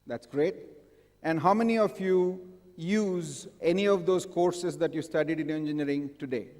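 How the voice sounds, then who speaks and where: A man speaks in a fairly high voice to a live audience in a large hall. He often stops to ask the crowd questions. A long reverb trails after his words. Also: normal speed, a little mellow. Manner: engaging, asks the audience frequent questions. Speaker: conference speaker. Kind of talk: live conference talk.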